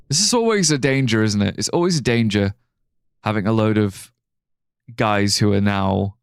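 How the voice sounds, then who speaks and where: Man rambling through lively game commentary. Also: lowish voice. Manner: rambling, profane, laughs at his own ideas. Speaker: streamer. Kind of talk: live gameplay commentary.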